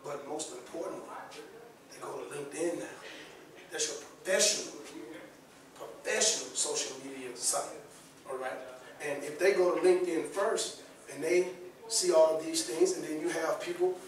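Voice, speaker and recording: A man's voice: a little high, moderate pace, long pauses. Upbeat man presenting in an echoey room. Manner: lively, asks the audience often, repeats "all right?" and "okay?". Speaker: career workshop presenter. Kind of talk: classroom workshop talk. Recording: very echoey room, voice from far off the mic.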